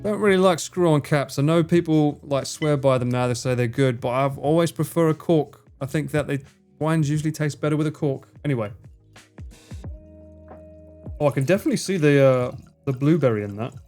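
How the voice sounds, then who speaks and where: Casual male streamer, a touch high-pitched, loose, sweary banter with chat. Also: a little fast, darkish tone, faint music behind. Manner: chatty, swears freely, teasing banter. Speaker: livestreamer. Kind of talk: casual livestream chat, reading chat.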